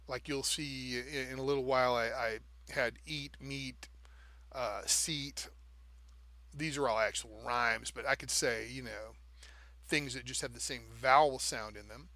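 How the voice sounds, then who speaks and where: A man's voice: medium pitch, sharp tone, no room sound. A man co-hosting a live stream, explaining things step by step in casual talk and checking in with the listener as he goes. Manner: taps out rhythms with "da, da".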